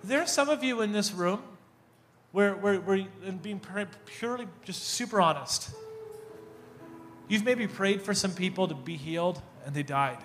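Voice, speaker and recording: A man gives a sermon in a high, bright voice, pulling the room along with animated, self-mocking storytelling. He acts out the voices in his story as he goes. Faint music plays behind him. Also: moderate pace. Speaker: pastor.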